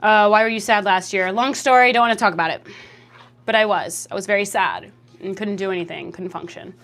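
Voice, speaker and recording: A young adult woman livestreaming at home into a desk mic, chatting casually and reacting to chat comments in a lively, jokey way. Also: a little fast, faint music behind. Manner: lively, jokey, reacts to chat with laughs and big pitch jumps. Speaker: streamer.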